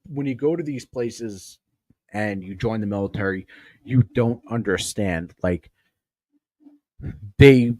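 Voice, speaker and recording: A man's voice: on the low side, darkish tone, no room sound, clean studio sound. A man hosting a podcast, telling rambling, profane stories full of tangents. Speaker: podcast host. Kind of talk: casual storytelling.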